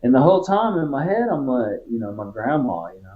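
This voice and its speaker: A man's voice: medium pitch, big pitch swings, fairly quick, narrow, tinny audio. A man from Texas, a former Marine, telling stories in a casual interview in a laid-back, profane way. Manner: profane, laid-back, peppers talk with "dude" and "right?".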